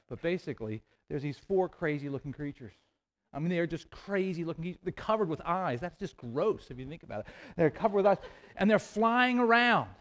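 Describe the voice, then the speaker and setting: A man preaching a sermon, swinging between hushed asides and loud emphatic declarations, with playful joking asides. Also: high-pitched.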